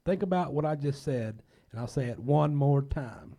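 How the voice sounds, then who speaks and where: A man's voice: medium pitch, expressive, moderate pace, dark tone. A man hosting a casual talk show, folksy and rambling, a bit under the weather.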